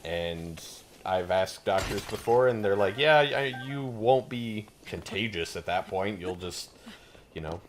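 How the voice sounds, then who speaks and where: Co-hosting a game playthrough, a man comments on the gameplay in casual let's-play chat, rambling and hesitant with many restarts. His voice is on the low side, animated and a little slow, and a lingering chest cold makes him cough now and then, with a bit of hiss or hum on the recording.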